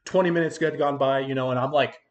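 A man's voice: mid-range voice, fairly even intonation, fast talker. Young male podcast host, mid-range voice, loose profane storyteller. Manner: rambling, profane, full of "like". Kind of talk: casual storytelling chat.

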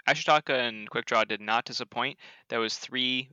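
A man's voice: medium pitch, normal speed, pushed and bright, clear, resonant tone, no echo, dull audio. A Canadian man with a Canadian accent, a league organizer chatting casually on a podcast and explaining things at length.

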